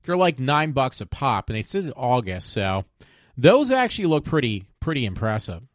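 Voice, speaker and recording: A man talks casually into a desk microphone at home, hosting his own show with a middle-pitched voice. He rambles, trails off and drops in sarcastic, mock-pleading asides. The sound is dry and close with no room echo. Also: very animated, normal speed. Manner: rambling, many fillers and trailing off. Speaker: podcast host. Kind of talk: casual solo web show chat.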